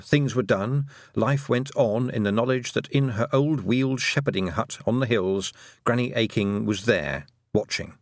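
A man narrates an audiobook in a gently wry, unhurried way. His low voice rises and falls expressively. The sound is dry and close, with no room around it. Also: no echo.

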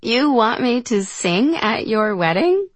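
A woman voicing a tender young singer who has lost her voice, speaking haltingly with a strained, cracked sound. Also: fairly high pitch, big pitch swings, dry recording, voice pushed up, heavily acted. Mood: uncertain. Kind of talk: audiobook character voice.

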